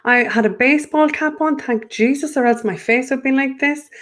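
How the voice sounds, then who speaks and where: A woman's voice: high-pitched, normal speed, fairly bright tone. A woman, a guest in a spiritual conversation, talking in an earnest, rambling way with many restarts.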